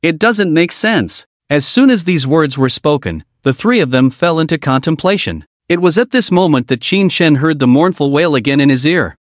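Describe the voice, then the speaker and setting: A man's voice: a little high, animated, brisk, hardly any pauses, dry recording, clean studio sound. A man narrating a comic story recap in scripted storytelling style.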